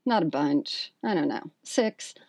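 A woman's voice: sits low, expressive, measured pace, a little mellow, no room sound, clean studio sound. A woman co-hosting a podcast, telling funny stories in a sarcastic, laughing, casual way. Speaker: podcast co-host. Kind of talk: casual chat.

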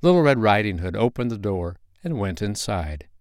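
A man narrating a bedtime story as host of a story podcast, gentle and expressive. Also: on the low side, normal speed, no room sound, clean studio sound.

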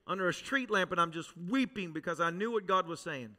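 A male pastor preaching a sermon to a congregation, telling a dramatic personal testimony that swings from loud urgency to hushed intensity. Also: high-pitched, animated, brisk. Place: church service with a congregation.

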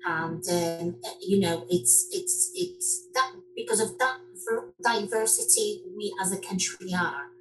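A middle-aged woman from Morocco, a dance teacher talking casually in an interview, animated and full of fillers and restarts. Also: mid-range voice, a little slow, few pauses, music in the background, low-quality recording.

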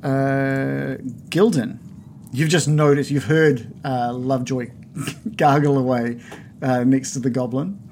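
A man's voice: mid-range voice, steady tone, slow, a little mellow, a little hiss or hum. A man running a tabletop game as game master, narrating with frequent uhs and ums. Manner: hesitant, lots of uh and um.

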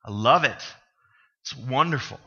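Man, pastor, sermon, joking storyteller, very bright tone. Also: mid-range voice, expressive, measured pace, husky, dull audio. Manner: conversational storytelling with humor, asks the congregation questions. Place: church sanctuary.

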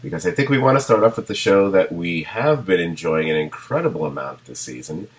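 A man hosting a podcast in relaxed conversation. His voice sits very low, and he laughs often and circles back on his own sentences as he talks. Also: a little fast. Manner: chatty, laughs often, trails into restarts. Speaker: podcast host. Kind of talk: casual chat.

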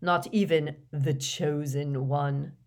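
A woman voicing a cold, sneering male professor in an audiobook reading, speaking in a slow, dismissive, cutting manner. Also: low-pitched, steady tone, a little mellow. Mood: cold disdain.

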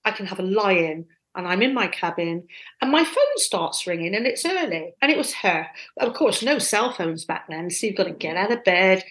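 Lively woman telling a story. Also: mid-range voice, normal speed, rough recording. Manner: lively, self-deprecating, animated. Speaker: guest storyteller. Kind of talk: casual anecdote telling.

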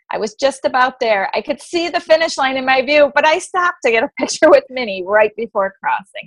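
A woman's voice: on the high side, creaky, fairly bright tone, dry recording, rough recording. Giggly woman co-host, dry close sound. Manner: giggly, easily moved. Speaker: podcast co-host. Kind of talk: reading her own blog post aloud.

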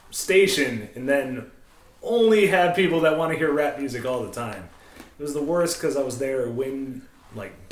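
A man's voice: fairly high pitch, reverberant. A man, a former strip club DJ, telling profane stories in casual podcast chat and laughing often. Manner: profane, laughing, acts out quoted voices.

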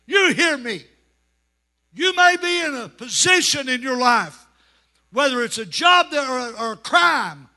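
High, bright-voiced shouting preacher. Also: male voice. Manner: shouting revival preaching, dramatic storytelling. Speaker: pastor. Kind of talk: sermon. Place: church sanctuary.

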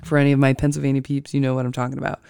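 Gravelly, deliberate astrology podcast host. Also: mid-range voice, monotone, a little mellow, no room sound, studio quality. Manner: slow and deliberate, thinking before speaking; self-correcting, with frequent restarts. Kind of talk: casual solo podcast talk.

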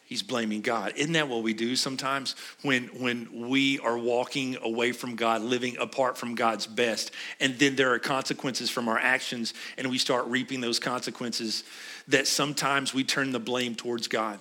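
Pastor, male, middle-aged, bright voice, chatty sermon delivery that questions the room. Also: medium pitch, fairly even intonation, normal speed. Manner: conversational, asks the congregation questions.

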